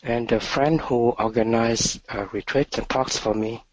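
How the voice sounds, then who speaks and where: Soft-spoken slow meditation teacher, man. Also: mid-range voice, steady tone, no room sound, highs cut off. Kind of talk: dharma talk.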